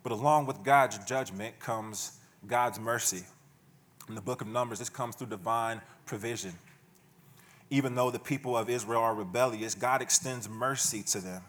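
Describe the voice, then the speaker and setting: A man preaching a sermon in a church sanctuary, with an easy, everyday delivery. He talks like he is chatting with friends, chuckles often, and drops in playful asides to the congregation. His voice sits at a middle pitch for a man. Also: a bit bright. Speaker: pastor.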